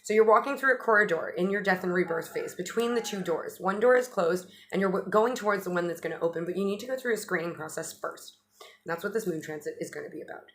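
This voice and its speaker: An astrologer vlogger gives a casual astrology update in a fairly low, fast, slightly bright voice. Her delivery is chatty and loose, with restarted phrases and the occasional swear word.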